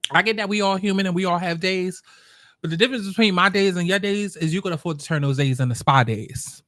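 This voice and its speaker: A man with a slightly high voice gives blunt, sassy reaction commentary. He talks while he eats. The sound is close and dry. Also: fast talker, a bit bright, no echo. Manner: eating while talking. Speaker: commentary host.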